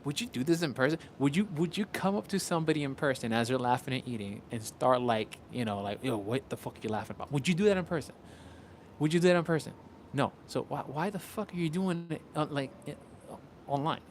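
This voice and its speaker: A man's voice: on the high side, expressive, a little fast, slight background noise. A man from Puerto Rico chatting casually on a livestream as a content creator, rambling, restarting and swearing often.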